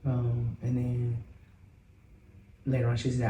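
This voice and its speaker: A man's voice: medium pitch, flat delivery, dark tone, reverberant, distant mic, slight background noise, poor audio. A man with a Southern American accent, a guest singer, telling his story in an earnest, open and reflective way. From Southern United States. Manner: earnest and open, slow and reflective, with some hesitant "um"s. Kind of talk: candid personal storytelling.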